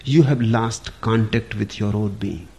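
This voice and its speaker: A man giving a spiritual discourse in a measured, deliberate storytelling manner. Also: fairly low pitch, steady tone, a little mellow. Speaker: spiritual teacher.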